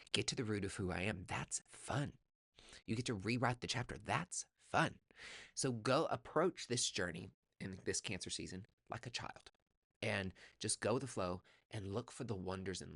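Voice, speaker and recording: Man, tarot reader, sassy, swears freely, emphatic pep talk, lowish voice, dry sound. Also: a bit bright, no room sound. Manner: sassy and profane, calls the listener honey. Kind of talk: casual spoken tarot reading.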